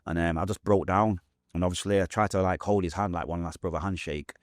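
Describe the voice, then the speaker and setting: A man's voice: low-pitched, fairly even intonation, fast, no echo, clean studio sound. A man with a Manchester accent telling his life story as an interview guest, emotional and blunt with street slang. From England.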